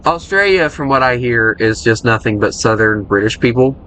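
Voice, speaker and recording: Chatty, bright-voiced American man gaming. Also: mid-range voice, expressive, moderate pace. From United States. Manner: chatty, joking, rambling. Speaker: gaming streamer. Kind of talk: casual gameplay commentary.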